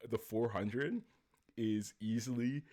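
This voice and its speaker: A man's voice: medium pitch, slow pace, darkish tone. A man from Canada co-hosting a podcast, in loose, slangy casual chat with lots of swearing. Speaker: podcast co-host.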